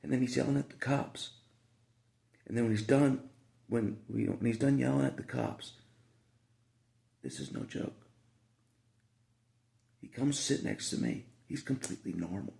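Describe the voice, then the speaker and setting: Man with a heavily gravelly voice and average pitch; rambling, repetitive vlog monologue. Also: lively intonation, measured pace, pauses often, mellow. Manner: rambling, repeats himself, frequent asides. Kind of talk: casual monologue to camera.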